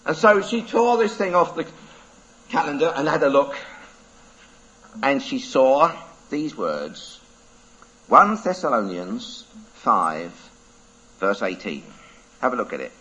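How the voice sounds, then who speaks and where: A man's voice: medium pitch, slow pace, long pauses. A man, a preacher telling a playful story to children. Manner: lively, playful, laughs through the telling. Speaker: preacher giving a children's talk. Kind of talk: animated storytelling. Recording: dull lo-fi recording.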